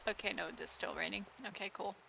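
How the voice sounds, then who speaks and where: A young woman streamer chatting casually with her viewers while she plays, giggling often and breaking into excited exclamations. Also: mid-range voice, fast talker, creaky, a little hiss or hum.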